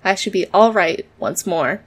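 A woman voicing a polite, sad male man made of tin, speaking slowly and courteously in a storybook reading. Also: lowish voice, animated, husky. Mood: plaintive.

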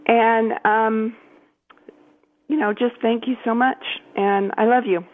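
A woman calling in to a show, speaking hesitantly with halting restarts. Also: a little high, fairly even intonation. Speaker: caller. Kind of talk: call-in conversation. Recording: tinny phone line.

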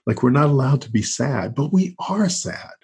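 A man's voice: medium pitch, expressive, moderate pace, gravelly, darkish tone, slightly rough. A middle-aged man, a college teacher, talking as a guest in an easygoing, rambling interview. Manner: rambling, peppered with "you know, and so on". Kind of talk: conversational interview.

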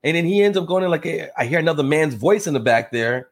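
A man telling a story as a podcast guest, acting out the people in it with lively jumps in his voice. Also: quick pace. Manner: animated, acts out quotes with big pitch jumps. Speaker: podcast guest, real estate investor. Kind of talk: casual storytelling in conversation.

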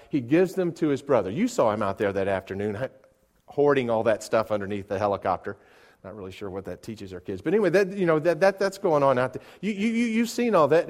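Man preaching a sermon, stammering restarts. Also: fairly high pitch. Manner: repeats words when starting sentences; swings from soft asides to loud emphatic peaks. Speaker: pastor.

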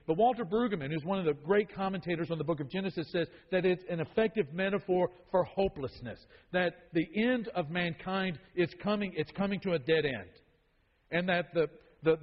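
A man teaching a Bible study in a sermon style, emphatic and repeating key phrases for weight. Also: high voice. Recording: dull lo-fi sound with long hall reverb.

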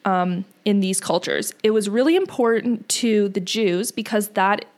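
A woman talks through church history as a podcast co-host, relaxed and conversational. Her pitch sits in the middle range, and she explains things patiently, with fillers here and there. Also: measured pace. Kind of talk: casual religious discussion.

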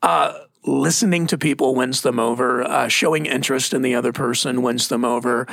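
Gravelly middle-aged Texan pastor. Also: male voice, medium pitch, steady tone, a little fast, a bit bright, dry recording, studio quality. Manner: storytelling, acts out quoted voices. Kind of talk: casual podcast conversation.

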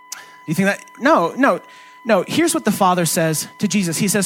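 Male pastor, high pitch, loose conversational preaching with rhetorical questions. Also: expressive, fairly quick, soft background music. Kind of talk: sermon.

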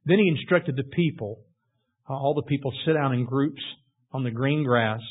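A man preaching a sermon, retelling scripture in a storytelling way and building to loud emphasis. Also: medium pitch, moderate pace, slightly rough. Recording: tinny phone-like audio.

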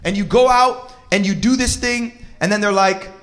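High-pitched guy co-hosting a parenting chat, animated, slangy, keeps hyping up his partner. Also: normal speed. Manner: animated, slangy, preacher-like exclamations. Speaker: podcast co-host. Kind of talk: casual chat about parenting and relationships.

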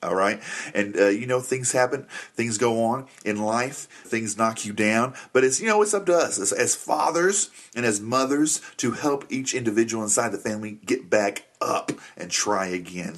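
A middle-aged man hosts a Christian family podcast in an upbeat, motivational monologue. He jokes around and keeps tossing in "that's right" as he talks. His voice sits in a middle pitch. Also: fairly bright tone. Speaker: podcast host.

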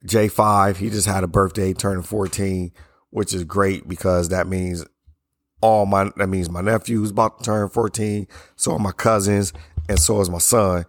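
A podcast host with a low voice speaks at normal speed in a steady tone, his voice hoarse and strained from yelling. In this casual solo monologue he's blunt, opinionated and loose, yawning between sentences, captured in studio quality with no echo.

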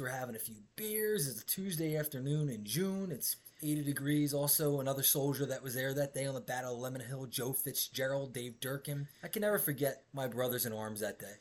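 A man hosting a podcast, telling a rowdy, profane story with brash energy and shouted quoted bits. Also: mid-range voice. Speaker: podcast host.

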